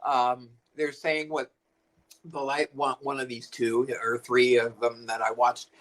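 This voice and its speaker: An older man talks in a halting way, stopping often and repeating phrases. His voice has a middling pitch. The tone is casual conversation. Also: little pitch movement, a bit bright, rough recording. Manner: halting, repeats himself, fillers. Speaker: co-host. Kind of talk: casual spiritual chat.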